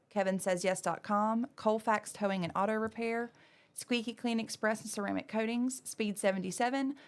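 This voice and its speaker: Woman co-host reading off sponsors, steady and even. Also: medium pitch. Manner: reads sponsor list in a steady run. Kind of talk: casual live show chat.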